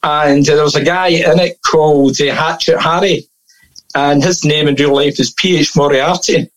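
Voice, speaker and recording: A man's voice: a little high, steady tone, normal speed, low-quality recording. A man telling anecdotes as a podcast guest in a casual, chatty way, laughing often and full of fillers and restarts.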